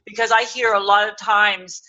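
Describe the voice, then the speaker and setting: A woman hosting a talk show, bubbly and gushing, exclaiming loudly as she introduces and questions her guest. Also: medium pitch, flat delivery, moderate pace, lo-fi sound.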